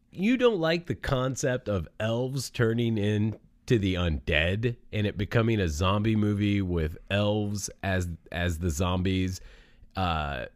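A man with a very low voice talks casually with a co-host. He gets animated as he argues, his voice leaping up. The sound is dry and close. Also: dry recording. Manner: animated, jumps high in pitch when arguing. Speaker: movie podcast co-host. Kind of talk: casual chat.

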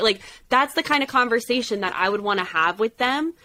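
A woman's voice: on the high side, animated, fairly quick, hardly any pauses, bright, forceful tone. A woman co-hosting a casual chat about a dating show, talking emphatically and firing off rhetorical questions. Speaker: podcast co-host.

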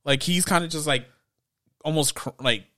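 A man's voice: a little high, moderate pace, bright, forceful tone, no room sound, clean studio sound. A man co-hosting a podcast in casual chat, rambling with lots of laughs and acted-out quotes. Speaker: podcast co-host.

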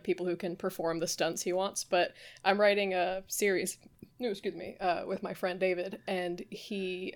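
Young woman, podcast co-host, casual and rambling, drops swears, medium pitch. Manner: swears freely, rambling with restarts. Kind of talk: casual chat.

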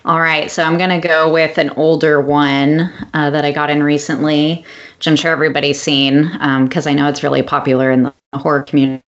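A woman's voice: low voice, flat delivery, fairly quick, dull audio. A woman co-hosting a podcast in casual chat, talking with lots of ums and frequent laughs. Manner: chatty, laughs often, many ums. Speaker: podcast co-host.

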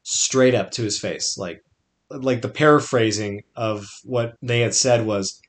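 A man's voice: mid-range voice, a little slow. A young man narrating his own podcast memoir in a wry, conversational way, with dry asides. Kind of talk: scripted personal narration.

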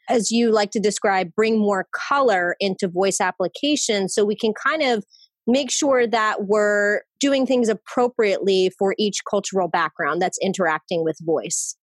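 Brief: woman podcast host, measured questions, mid pitch, dry recording. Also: dry recording. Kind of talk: podcast interview.

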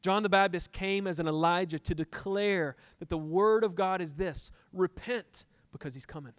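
A man's voice: sits high, steady tone, moderate pace, clean tone, dry recording. A middle-aged man preaching a sermon as pastor, telling a personal story and acting out his arguments with God, building to impassioned peaks.

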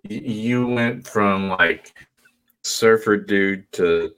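Male podcast co-host, low and unhurried, teasing and stammery. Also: fairly bright tone, smooth, low-quality recording. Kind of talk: casual chat.

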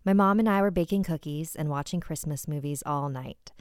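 Smooth-voiced woman narrator. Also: low-pitched, no echo, studio quality. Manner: measured first-person storytelling. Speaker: horror podcast host. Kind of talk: scripted story narration.

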